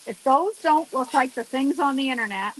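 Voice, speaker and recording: A woman's voice: high voice, lively intonation, normal speed, slight background noise. Chatty woman cooking out on a deck. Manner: chatty, exclamatory, talks straight to viewers. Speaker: cooking vlogger. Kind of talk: casual chat while cooking. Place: outdoor deck.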